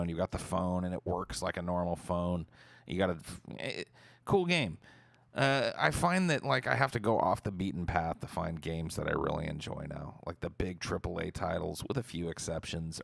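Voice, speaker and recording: A man streaming, casually answering viewer questions in a relaxed, rambling way and swearing freely. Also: deep voice, vocal fry, no echo, clean studio sound.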